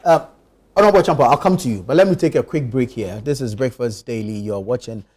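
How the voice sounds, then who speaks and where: Mellow-voiced male morning host. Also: mid-range voice, fast talker. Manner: reads viewer messages, brief affirming murmurs. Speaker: news review host. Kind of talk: morning show panel moderation. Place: TV studio.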